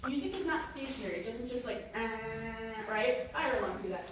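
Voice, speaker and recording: A woman leading a large band rehearsal, giving lively instructions and singing phrases to demonstrate. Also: fairly high pitch, quick pace. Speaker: band conductor. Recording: echoey room from far off, with noise.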